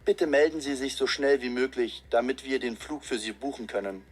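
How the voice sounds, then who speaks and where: A man voicing a brisk travel agent and a passerby in a scripted exam listening recording, speaking quickly and matter-of-factly. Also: medium pitch, slightly rough, close to an everyday voice. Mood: businesslike. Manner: quick, matter-of-fact delivery. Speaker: voice actor in language exam audio.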